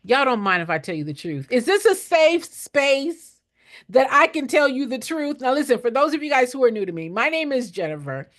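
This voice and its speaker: A woman's voice: sits high, big pitch swings, moderate pace. An older woman, a nonprofit consultant, giving blunt, preachy motivational teaching to camera and repeating lines for emphasis.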